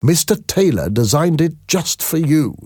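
Kind doctor, reassuring and lively; read by a male narrator. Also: fairly high pitch, unhurried, no room sound, studio quality, voice pushed up. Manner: warm, reassuring. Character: kind, encouraging male doctor, middle-aged.

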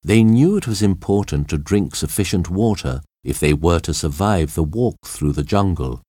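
Man, storybook narrator, deep voice, slow, dry close sound. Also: expressive, dark tone, dry recording.

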